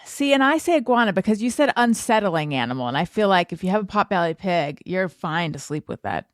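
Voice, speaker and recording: Brief: female host, expressive lilting pitch, playful, dry close mic. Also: fairly quick, dry recording. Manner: playful, laughing quizmaster. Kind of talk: casual game show chat.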